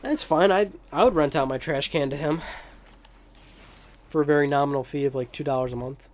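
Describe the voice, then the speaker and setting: A man's voice: a little high, a little fast. A young man giving rambling, joking commentary over gameplay, with profane asides. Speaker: let's play commentator.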